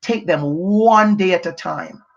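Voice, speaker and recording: Man, pushy motivational speaker, repeats and shouts his points, dull lo-fi home recording. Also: high-pitched, slow, vocal fry. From Jamaica. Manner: emphatic, repetitive, pushing, sometimes shouting. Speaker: motivational educator. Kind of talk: unscripted motivational talk to camera. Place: house, indoors.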